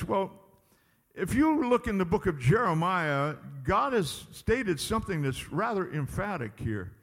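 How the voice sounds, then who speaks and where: This man's high voice has a sing-song quality and a measured pace as he delivers a sermon in a church sanctuary. Emphatic and repetitive, he pushes the congregation with call-and-response lines, and the church's long hall reverb trails every phrase.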